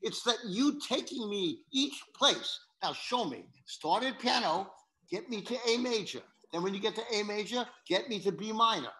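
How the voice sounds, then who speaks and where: A man's voice: sits high, expressive, moderate pace, bright, forceful tone, poor audio. A man from New York coaching a piano student, singing phrases on "da" syllables to show emphasis. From New York, USA. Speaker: piano teacher. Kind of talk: masterclass coaching.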